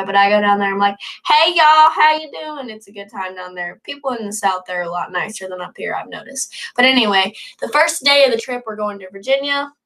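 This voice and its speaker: A woman's voice: medium pitch, pushed and bright. A young woman in her late teens hosting a casual livestream, reading viewer comments aloud and rambling in an upbeat, chatty way. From northern United States. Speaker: livestream host.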